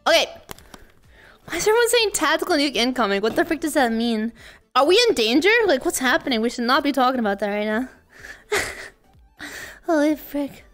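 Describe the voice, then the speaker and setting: Bubbly woman streamer with a high voice, chatting live with viewers. Excitable, quick to laugh and to break into mock-exasperated outbursts. Faint music under her. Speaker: VTuber streamer.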